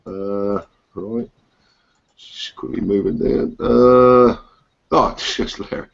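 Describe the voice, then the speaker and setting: A man's voice: on the low side, fairly even intonation, takes it slowly, gravelly. A man with a Suffolk accent hosting a casual biker hangout over a video call, chatty and rambling, with lots of fillers and restarts. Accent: English, Suffolk. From England. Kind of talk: casual chat. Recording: dull lo-fi video call audio.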